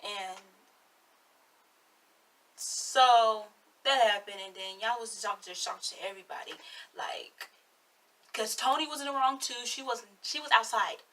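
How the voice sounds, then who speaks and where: A woman's voice: on the high side, a little slow, long pauses, a bit bright, recorded from a distance. An eighteen-year-old woman giving sassy, blunt, chatty commentary on a reality show in her vlog. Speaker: vlogger.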